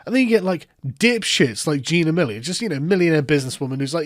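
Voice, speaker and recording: A man's voice: fairly high pitch, animated, fast talker, no echo, studio quality. A man, ranting sarcastically in political commentary, swearing and mocking his opponents.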